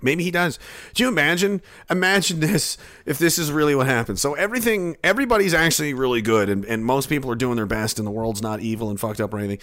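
A man's voice: medium pitch, quick pace, few pauses. A young man, from Canada, chatting casually to his chat with profane jokes and rambling stories. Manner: profane, joking, animated storytelling with shouted bits. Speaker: streamer reading chat.

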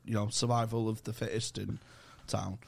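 A man's voice: fairly low pitch, flat delivery, moderate pace, gravelly. A male comedian guest telling rambling, sweary anecdotes in casual podcast chat.

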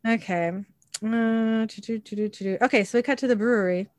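Woman host, mid-pitched, dry close sound, brisk scene-by-scene recap. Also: a little mellow, dry recording. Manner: narrates scenes and quotes lines in a light voice. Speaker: podcast host recapping an episode. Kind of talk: casual recap with read-out scene narration.

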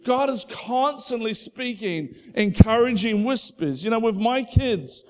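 A middle-aged man preaching a casual, conversational sermon that moves between soft, hushed passages and fervent emphasis. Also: extremely high pitch, measured pace, hardly any pauses. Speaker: pastor.

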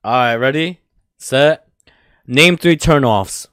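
A man's voice: medium pitch, slow pace, fairly bright tone, clear, resonant tone, no room sound, studio quality. A man hosting a casual party game on a podcast, joking and laughing often between rounds.

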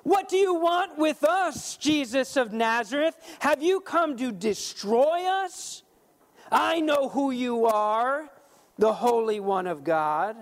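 A man voicing a frantic evil spirit that is possessing a man, crying out loud and accusing. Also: very high voice, expressive, slow pace, voice pushed up, exaggerated voice. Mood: frantic shouting.

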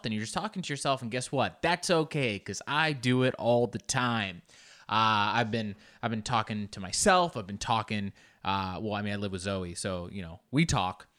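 A male comedian talks alone into his podcast mic at home, in a loose, rambling monologue. He mocks himself, swears freely and jumps up high in pitch whenever he wants to make a point. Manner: rambling, joking and self-mocking, with frequent swearing; animated, with sudden jumps up in pitch for emphasis. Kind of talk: casual solo podcast monologue.

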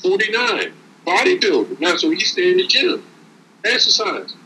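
A man's voice: high-pitched, big pitch swings, moderate pace, bright, forceful tone, a little hiss or hum, rough recording. A man giving casual, streetwise motivational talk as a podcast co-host, preaching and repeating words as he builds each point.

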